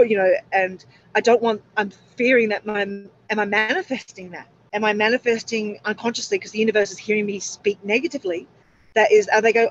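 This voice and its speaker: A woman's voice: mid-range voice, a little fast. Rambling, anxious woman co-host, dull lo-fi audio. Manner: rambling, self-interrupting, anxious. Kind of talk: casual spiritual chat. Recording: dull lo-fi sound.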